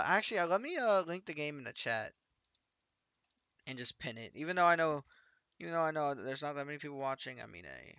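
A man's voice: on the high side, vocal fry, bright, forceful tone, dry recording. A man streaming a game, chatting casually with his viewers and teasing his friends. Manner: joking, teasing banter with chat and friends.

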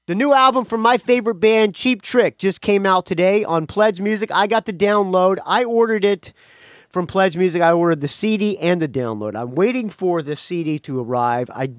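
A man's voice: high voice, no room sound. A man hosting his own music podcast, talking casually and rambling, with frequent restarts and asides. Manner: rambling, chatty, self-correcting. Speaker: podcast host. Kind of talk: casual solo podcast talk.

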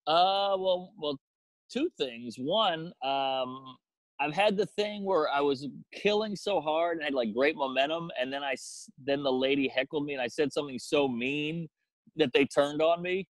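Animated, profane male comedian, close and dry. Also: on the high side, unhurried, dry recording, rough recording. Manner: profane, animated storytelling with acted-out quotes. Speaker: comedian guest. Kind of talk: casual storytelling chat.

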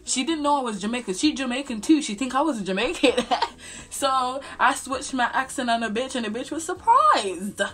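A young woman talks through a storytime vlog in a fairly high voice. Her delivery is animated, slangy and full of swearing, with faint music behind her. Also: moderate pace. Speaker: vlogger.

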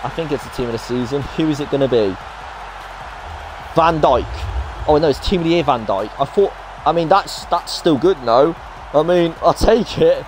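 A young man giving excitable, chatty pack-opening commentary in a game video. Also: a little high, moderate pace, noisy background. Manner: excitable, chatty, reacts aloud to each card. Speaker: gaming YouTuber. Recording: faint music behind the voice.

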